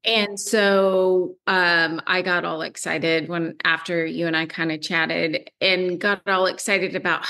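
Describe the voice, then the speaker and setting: Gravelly bright-voiced modest woman. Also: on the low side, fairly even intonation, slow pace, few pauses. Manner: modest, agreeable, laughs easily. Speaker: guest artist. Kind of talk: casual interview chat.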